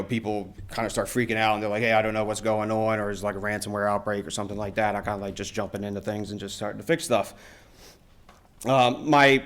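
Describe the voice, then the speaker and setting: A man's voice: lowish voice, a bit bright, smooth. Male presenter, casual conference talk, filler-heavy delivery. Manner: casual, filler-heavy, many "uh" and "you know". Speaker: conference presenter on email security. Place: university lecture room.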